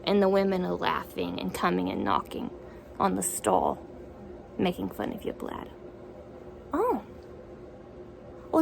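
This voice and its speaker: A woman's voice: on the high side, vocal fry, slight background noise, rough recording. A woman in a one-sided conversation, repeating back what she hears and asking incredulous follow-up questions.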